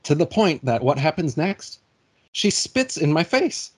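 A man in his forties recounting a personal anecdote in casual conversation, animated and laughing often. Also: a little high, a little slow, breathy edge. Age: 40s.

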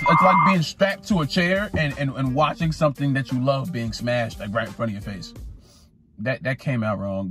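A man vlogging as a sports fan in a casual rant, animated, repeating and stumbling over his words. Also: mid-range voice. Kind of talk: casual ranting vlog.

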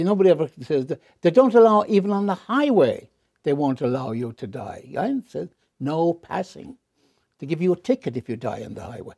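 A man in a candid interview, a wry and animated storyteller who jumps up in pitch for punchlines and drops low and quiet on serious confessions. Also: creaky, dry recording, studio quality. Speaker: interview guest.

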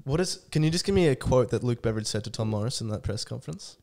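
A man's voice: medium pitch, animated, fast talker, creaky, darkish tone. A young man co-hosting a sports podcast, bantering in a wry, teasing way. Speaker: podcast co-host. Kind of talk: casual banter.

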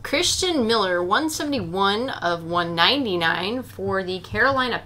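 A woman hosting a live trading card break, reading out each pull in a steady rundown and gasping and squealing over the good ones. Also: medium pitch, moderate pace, a little hiss or hum. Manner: reads out names in a steady rundown. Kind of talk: live stream commentary.

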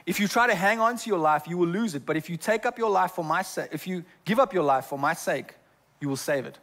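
A male pastor preaches in a church. His voice sits a little high for a man, and he often trips over repeated words before moving on. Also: fast talker, fairly bright tone. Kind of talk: sermon. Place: church sanctuary.

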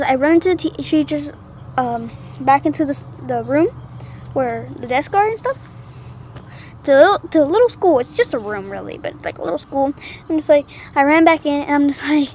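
High-voiced young woman telling a dramatic story. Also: normal speed. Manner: animated, dramatic retelling with gasps and acted-out quotes. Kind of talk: casual storytime. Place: at home, indoors.

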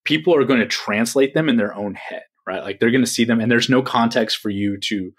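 A man's voice: mid-range voice, a little fast, a bit bright. A man from Texas, a guest in a casual interview, explaining at length and often checking in with "right?". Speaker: guest, engineering manager.

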